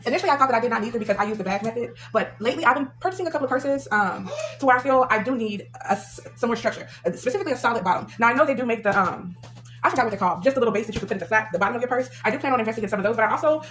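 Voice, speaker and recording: Woman, vlogger; quick, excited unboxing chatter, slightly high voice. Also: poor audio. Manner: chatty, excited, many fillers, says "y'all". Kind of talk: casual unboxing vlog.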